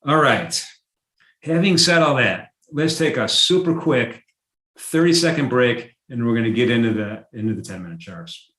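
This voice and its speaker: A man hosting a live trading stream in a roomy, echoey space, talking loosely through price charts. He restarts sentences and drops fillers often. He perks up with excitement when a chart surprises him. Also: medium pitch, normal speed. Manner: conversational, with frequent fillers and restarts; gets excited over charts. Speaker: market analysis host.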